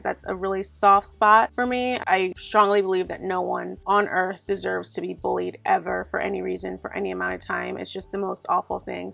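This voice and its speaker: A woman's voice: mid-range voice, gravelly, fairly bright tone. A young woman telling her personal story to her viewers in an earnest, heartfelt way, sprinkled with "like". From Nigeria. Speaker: YouTuber. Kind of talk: storytime vlog to camera.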